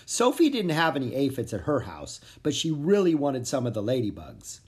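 An expressive narrator reading a children's chapter book aloud. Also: mid-range voice, moderate pace. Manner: expressive, animated storytelling. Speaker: audiobook narrator.

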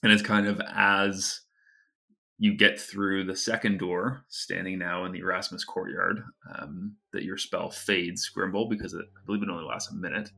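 Low, bright-voiced man running a tabletop game. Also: steady tone, moderate pace, vocal fry. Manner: casual, hesitant narration with many fillers. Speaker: game master.

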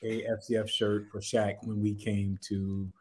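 A man who is a guest on a comedic panel chat, starting haltingly and chuckling as he jokes. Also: fairly low pitch, little pitch movement.

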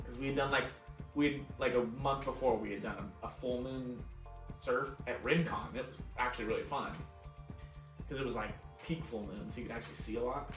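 A man's voice: mid-range voice, fairly even intonation, a little fast. A young adult man, a podcast co-host, telling a casual story, laughing often, swearing and acting out his own lines. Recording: echoey room, far from mic, faint music.

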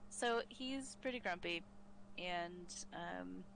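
Woman with a lowish voice, chatty and opinionated, little hiss behind. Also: takes it slowly, creaky, fairly bright tone, poor audio. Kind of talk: casual chat ranking game characters.

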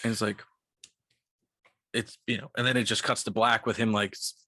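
Man, tipsy, podcast co-host, excited rambling, swears a lot, bright forceful tone. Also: lowish voice, normal speed, no room sound, studio quality. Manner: excited rambling retelling, heavy swearing and "like" fillers. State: tipsy from liquor. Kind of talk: casual movie-recap chat.

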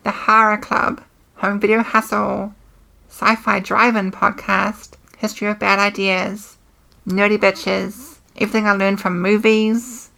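A woman co-hosting a podcast, chatting and running through shout-outs in an upbeat, matter-of-fact way. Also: mid-range voice, little pitch movement, unhurried, gravelly. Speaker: podcast co-host. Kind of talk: casual chat, reading shout-outs.

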